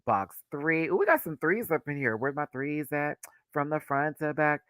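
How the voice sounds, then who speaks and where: Excitable gushing man with lively pitch. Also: normal speed, no room sound. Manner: excitable, gushing, laughs often. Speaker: livestream host. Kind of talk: casual fan chat.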